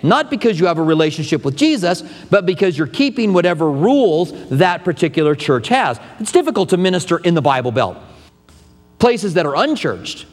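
A pastor with a fairly high voice preaches in a relaxed, conversational way, turning aside now and then to speak straight to his congregation. He is teaching through a book of scripture. His words ring out with a long reverb from the church sanctuary. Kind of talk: expository sermon.

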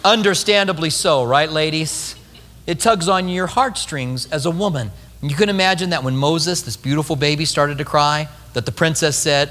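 A male pastor preaching a sermon, telling a story with lively acted-out quotes. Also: fairly high pitch, normal speed, big-room sound.

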